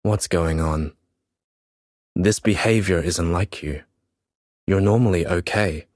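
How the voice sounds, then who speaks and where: Casting: a man playing a middle-aged teacher, deep voice, concerned and matey, no room sound. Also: takes it slowly, darkish tone, dry recording, studio quality. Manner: matey, probing questions. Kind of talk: audiobook reading.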